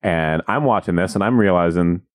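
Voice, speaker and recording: A man's voice: deep voice, a little fast, dry recording, clean studio sound. A man co-hosting a podcast, telling stories in casual banter and acting out quotes with exaggerated voices. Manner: animated, jokey, acts out quotes in exaggerated voices. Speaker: podcast co-host.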